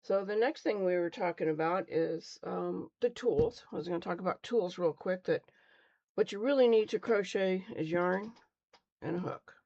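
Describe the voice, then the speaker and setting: A middle-aged woman teaches crochet to beginners on a live stream, casual, chatty, and rambling, often stumbling over her words. Her voice is on the low side and a little mellow, moving at a moderate pace, with the highs cut off.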